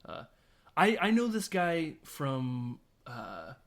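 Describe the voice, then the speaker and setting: A man's voice: fairly high pitch, sing-song, slow. A man co-hosting a film podcast, recapping scenes in casual chat and acting out the characters' lines. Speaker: podcast co-host.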